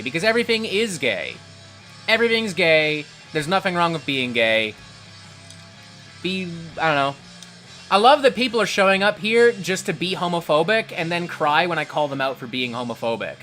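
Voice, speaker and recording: A man's voice: a little high, expressive, moderate pace, sharp tone, faint music behind. A man hosting a livestream, reading chat and ranting in a profane, combative way. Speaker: livestream host.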